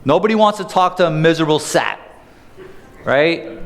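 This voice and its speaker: A man's voice: fairly high pitch, moderate pace, vocal fry, long pauses. Man lecturing a seminar in a reverberant hall. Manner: energetic, conversational, asks the audience questions. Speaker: sales trainer. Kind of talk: live seminar talk. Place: seminar room.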